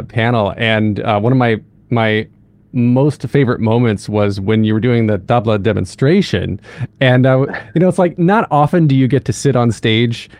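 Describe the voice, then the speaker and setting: A man's voice: lowish voice, gravelly, darkish tone, dry recording. Chatty enthusiastic male podcast host. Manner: enthusiastic, chatty, with frequent restarts. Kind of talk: casual interview chat.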